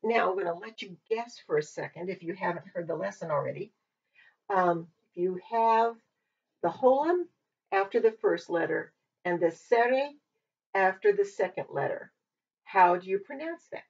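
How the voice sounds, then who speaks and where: A woman's voice: medium pitch, lively intonation, normal speed, gravelly, darkish tone, husky. A woman teaching a casual Hebrew lesson, thinking aloud and hedging as she explains words and vowel marks. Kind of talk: informal language lesson. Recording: dull lo-fi mic from a distance.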